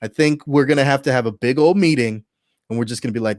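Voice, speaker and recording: A man's voice: medium pitch, quick pace, a little mellow, dry recording, studio quality. A man co-hosting a casual podcast, rambling and joking with profane asides. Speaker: podcast co-host.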